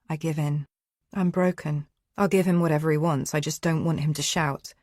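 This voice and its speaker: A woman narrates in first person with an anxious, tense edge. Her voice is low and sits close and dry. The telling is steady and unhurried. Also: no room sound. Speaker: audiobook narrator.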